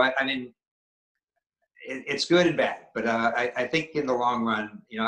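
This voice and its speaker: A middle-aged man with a Maine accent talks in a halting, restarting way. His voice is forceful and bright. It is recorded with a roomy echo. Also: fairly low pitch. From Maine, USA. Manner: halting, many restarts and fillers. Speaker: guest actor. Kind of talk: casual interview chat.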